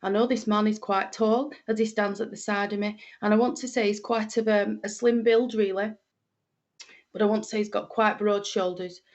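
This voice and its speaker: A woman's voice: mid-range voice, steady tone, normal speed, darkish tone, highs cut off. A middle-aged woman with a Lancashire accent, a medium greeting viewers on a livestream in a homely, chatty way with plenty of fillers. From Lancashire, England.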